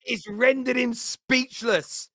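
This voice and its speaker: A man's voice: very high voice, steady tone, takes it slowly, sharp tone. A man hosting a football reaction show, mocking the clips and laughing often. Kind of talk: casual reaction chat.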